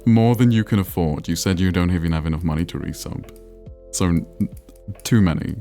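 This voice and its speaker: A man's voice: low-pitched, moderate pace, dark tone, faint music behind. A man livestreaming, chatting casually and self-deprecatingly with his viewers as he plays a geography game. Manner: rambling, self-deprecating, answering chat messages.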